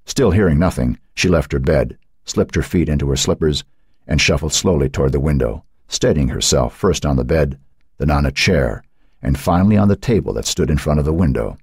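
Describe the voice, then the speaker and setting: A man narrating an audiobook with an expressive reading. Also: very deep voice, brisk, husky, no room sound, clean studio sound. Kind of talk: scripted narration.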